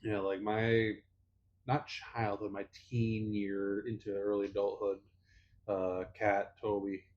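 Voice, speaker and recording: A man's voice: fairly low pitch, level tone, slow pace, a little mellow, muffled recording. A young man co-hosting a casual podcast chat, teasing his friend in a playful manner. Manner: playful, teasing, puts on voices in anecdotes. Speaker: podcast co-host.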